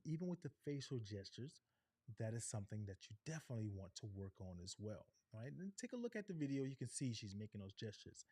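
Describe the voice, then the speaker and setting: A middle-aged man coaching a live online workshop, animated, deliberately shifting his pace and pitch and often checking in with "right?". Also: breathy edge, no room sound, clean studio sound. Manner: animated, varies pitch and pace on purpose, frequent "right?" tags. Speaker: on-camera presentation coach.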